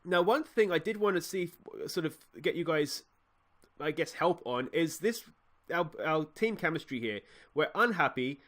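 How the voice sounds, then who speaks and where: Chatty Australian man, higher voice. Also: expressive, moderate pace, a bit bright. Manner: chatty, lots of "uh" and "mate". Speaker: let's play host. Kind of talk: casual game commentary.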